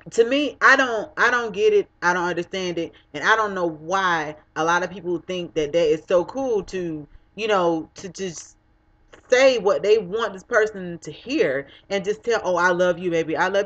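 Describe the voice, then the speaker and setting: Through dull, lo-fi webcam sound, a young woman delivers a ranting vlog monologue to the camera, swearing heatedly and speaking bluntly and cuttingly. Her voice is medium-pitched and a bit bright.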